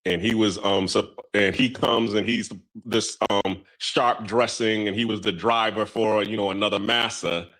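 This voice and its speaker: A man's voice: lowish voice, fairly even intonation, measured pace, hardly any pauses, a bit bright, rough recording. A man hosting a casual talk show, rambling through long stories with lots of ums and restarts. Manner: rambling storytelling with many fillers. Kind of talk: casual discussion.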